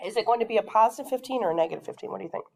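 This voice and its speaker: A woman's voice: a little high, very fast, gravelly, darkish tone. A woman teaching a math lesson to a class. She talks patiently, often stops to ask the class questions, and her throat keeps catching with coughs.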